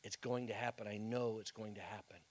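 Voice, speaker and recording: A man voicing a grieving mother who pleads anxiously for her son, speaking in anguished, halting phrases. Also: fairly low pitch, fairly even intonation, a little mellow, pitched below the performer's own voice, lightly acted. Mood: anguished pleading.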